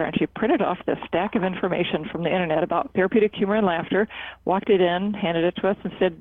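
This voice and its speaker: A psychotherapist who leads a laughter club at a cancer center, answering interview questions in an earnest, measured way with frequent fillers and restarts. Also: mid-range voice, dry recording. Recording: tinny phone-like line, dry.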